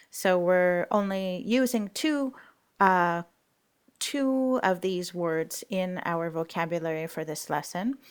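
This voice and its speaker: A woman's voice: medium pitch, clean tone. A woman language teacher explaining grammar rules in a recorded lesson, patient and explanatory with frequent fillers.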